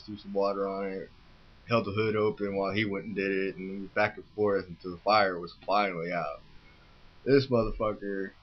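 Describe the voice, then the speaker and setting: A man's voice: on the low side, highs cut off. A man casually telling a rambling, profane story with frequent swearing. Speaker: vlogger.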